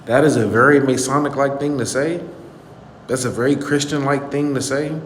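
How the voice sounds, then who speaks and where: A man's voice: mid-range voice, steady tone, moderate pace, reverberant, big-room sound. A man hosting his channel, giving an earnest, indignant commentary on a clip he played and repeating his points for emphasis. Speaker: channel host.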